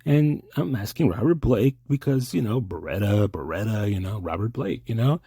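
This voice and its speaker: Rambling, husky low-voiced man. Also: lively intonation, moderate pace, warm tone, no room sound, clean studio sound. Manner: rambling, self-interrupting, stammering. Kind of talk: rambling comic monologue.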